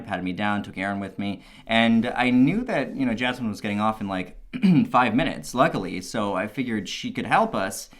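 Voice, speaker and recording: A man casually telling a personal story, animated, swearing freely and laughing at his own asides. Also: lowish voice.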